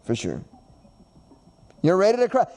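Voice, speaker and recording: A man's voice: sits high, huge pitch swings, a little slow, dark tone. Rambling man hosting a casual podcast. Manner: rambling, repeats himself, laughs often. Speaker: podcast host. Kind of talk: casual chat.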